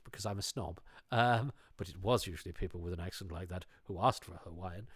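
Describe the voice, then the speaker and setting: A man's voice: low voice, fast talker, dry recording, clean studio sound. A man chatting casually, enthusiastic and digressive with a self-deprecating streak. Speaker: show panelist. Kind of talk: casual chat.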